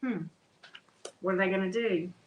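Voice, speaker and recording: A woman's voice: mid-range voice, normal speed, echoey room, phone-quality sound, slight background noise. A woman giving a casual tarot reading to her viewers, chatty, blunt and teasing, calling them love and baby. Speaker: tarot reader.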